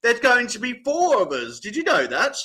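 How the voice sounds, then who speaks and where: A man's voice: very high-pitched, wildly swooping pitch, normal speed, sharp tone. A man co-hosting a live music show, chatting in a playful, teasing way. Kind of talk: casual live-stream chat.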